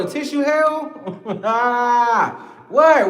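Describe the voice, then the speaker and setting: A man with a high voice rants in a loose, profane monologue, slangy and animated, breaking into laughter. The room is echoey, with a long tail of reverb. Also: normal speed. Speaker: podcast host. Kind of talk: casual monologue.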